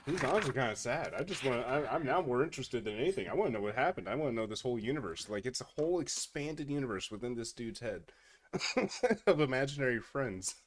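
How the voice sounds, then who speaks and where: A man's voice: medium pitch, big pitch swings, fast. A man streaming casual reaction commentary, incredulous and often laughing in disbelief.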